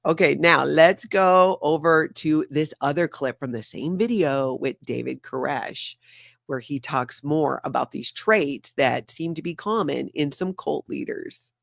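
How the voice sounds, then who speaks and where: A woman's voice: low-pitched, unhurried, vocal fry, dry recording, clean studio sound. A woman hosting a casual livestream, chatting and reading out viewer comments. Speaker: host.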